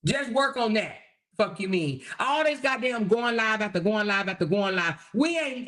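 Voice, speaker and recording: A woman's voice: a little high, big pitch swings, unhurried, a bit bright. A brash woman rants on her own livestream, combative and swearing freely. She talks straight to her viewers and keeps checking in with them as she goes. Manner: addresses viewers directly with repeated "okay?". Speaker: livestream host. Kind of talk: profane live-stream rant.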